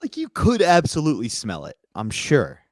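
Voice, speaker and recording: A man who is a stand-up comedian, co-hosting a podcast and telling rambling stories with deadpan jokes. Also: a little high, normal speed, dry recording, clean studio sound. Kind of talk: casual comedy podcast banter.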